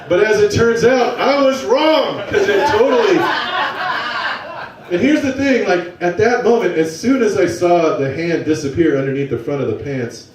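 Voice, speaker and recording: A young man telling a profane, excitable, self-mocking story on stage to a live audience. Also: high voice, normal speed, crowd noise. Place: small venue with a live audience. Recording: roomy, from a distance.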